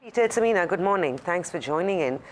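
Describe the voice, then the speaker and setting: A woman anchoring a live business news show, putting brisk, structured questions to a guest. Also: lowish voice, expressive.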